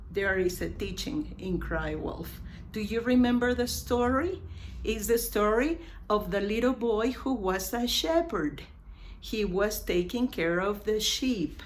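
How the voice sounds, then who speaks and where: A woman teaches an English class in an unhurried way. Her voice sits a little high, and she says each example phrase twice so the class can follow. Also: slight background noise. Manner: repeats example phrases slowly for emphasis. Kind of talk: bilingual English lesson.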